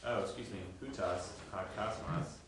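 A male student reading aloud in class, halting and hesitant, with many fillers. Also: lowish voice. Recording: echoey classroom from far off with background noise.

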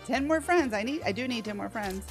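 A woman's voice: on the high side, lively intonation, normal speed. A woman hosting a casual live slot stream from home, playfully chatting and greeting viewers by name. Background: faint slot game music.

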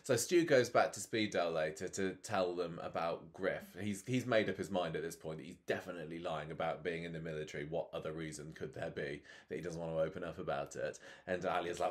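A man's voice: sits low, a little fast, few pauses. A man co-hosting a podcast, recapping a soap in casual, jokey chat and laughing often. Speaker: podcast co-host.

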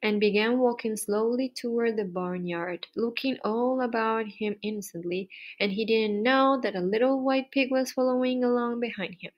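A woman reading a children's chapter book aloud with lively storybook delivery. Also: on the high side, moderate pace, hardly any pauses, dull audio.

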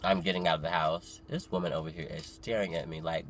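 A young man of nineteen vlogging casually, chatty and dramatic, full of fillers and sudden loud, excited storytelling. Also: very deep voice, fast talker, few pauses, a little hiss or hum. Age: young adult. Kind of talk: casual vlog talk to camera. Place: parked car. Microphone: phone camera.

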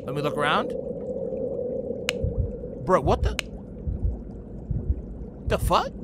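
Excitable, high-pitched cursing gamer man. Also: takes it slowly, background noise. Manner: excitable, profane, shouting reactions. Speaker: gaming video host. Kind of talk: let's play commentary. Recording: game music behind.

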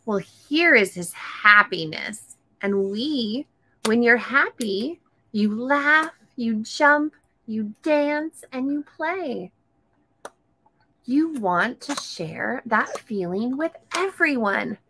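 A woman reads a picture book aloud to a small child at an unhurried pace, her voice sitting a touch higher than most. She keeps coaxing him with questions and breaks into gasps and delighted exclamations as the pages turn. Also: animated, bright, forceful tone, a little hiss or hum. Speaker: storytime host.

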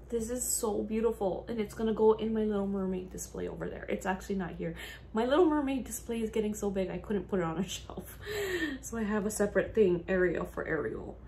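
A young adult woman vlogging casually as she unboxes gifts, gushing and emotional, often breathless with excitement. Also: medium pitch, a little fast, vocal fry, a little hiss or hum.

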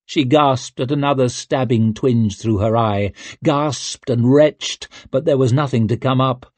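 A man reads an audiobook aloud as scripted narration, telling the story in a steady, measured way. His voice sits in the mid range, and the recording is dry.

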